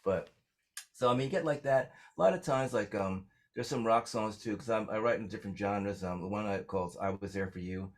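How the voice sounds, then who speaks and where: A man's voice: fairly low pitch, a little fast. A man telling stories as a songwriter guest in a casual interview, rambling with lots of fillers.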